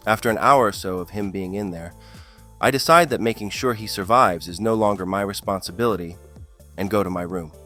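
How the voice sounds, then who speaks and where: Man, very deep voice, scripted comic narration, dry delivery, soft music behind. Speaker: storyteller.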